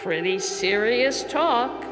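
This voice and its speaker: A cool, taunting female double from an old radio drama, who speaks slowly with a lively, swooping pitch. Her voice carries a long hall reverb under loud music. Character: cold sinister female double, calm killer. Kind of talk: 1940s radio acting.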